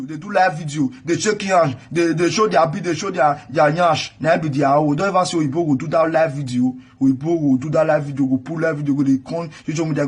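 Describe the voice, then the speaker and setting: A man's voice: on the high side, breathy edge. A man with a Nigerian accent ranting indignantly and scolding, repeating himself as he reacts to a video. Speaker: commentator. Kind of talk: angry reaction rant.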